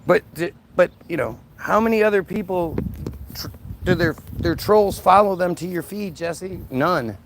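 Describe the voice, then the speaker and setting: A man's voice: high voice, a little slow, vocal fry, slight background noise. A man hosting a solo livestream, talking in a combative, sarcastic way to a rival and his viewers. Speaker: livestream host.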